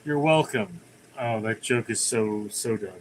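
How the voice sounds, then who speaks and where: A man's voice: on the low side, measured pace, slight background noise. A man hosting his own livestream, chatting casually, rambling through jokes and reading viewer comments aloud from his computer at home. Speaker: livestream host.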